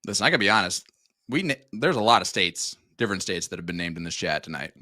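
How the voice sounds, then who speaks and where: A man commentating a live darts match, calling the play and reading viewer shout-outs in a friendly way. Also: low voice, lively intonation, quick pace, no room sound, studio quality.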